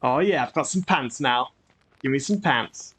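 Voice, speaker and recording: A man's voice: medium pitch, animated, moderate pace, fairly bright tone, a little hiss or hum. A man hosting a gaming channel, giving chatty, grumbling, self-mocking commentary as he plays. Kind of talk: gameplay commentary.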